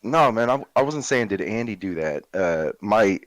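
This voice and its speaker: A man's voice: fairly low pitch, animated, normal speed, dry recording, rough recording. A man calling into a stream, casually and defensively explaining himself. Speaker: call-in guest. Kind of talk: casual call.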